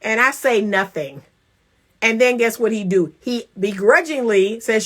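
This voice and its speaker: A woman relationship coach giving emphatic, animated advice to women, acting out little scenes with playful laughs. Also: on the high side, a little slow. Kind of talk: casual advice talk to women.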